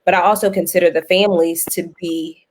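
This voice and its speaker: A woman guest host in casual panel talk, an animated storyteller with a folksy lilt. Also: fairly low pitch, a little fast. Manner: animated storyteller, laughs often, folksy phrasing.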